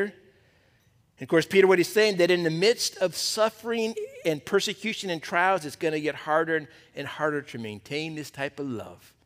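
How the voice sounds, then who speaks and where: Lively preaching man in a reverberant hall. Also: on the high side. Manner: animated, calls out questions to the group. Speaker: pastor. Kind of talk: sermon at a men's Bible study.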